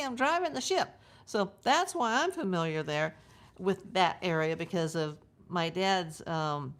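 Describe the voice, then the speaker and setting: A woman from the United States hosting a true crime livestream, chatting casually and drifting into side stories as she talks to her viewers. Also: fairly low pitch. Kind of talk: live casual commentary.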